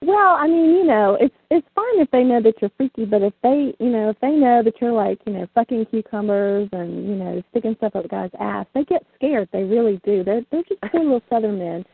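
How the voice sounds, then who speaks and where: A woman's voice: on the high side, expressive, a little fast, creaky, hardly any pauses, husky, no echo. A woman telling frank, bawdy stories in casual chat, laughing often. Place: small southern town. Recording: tinny phone line, dry.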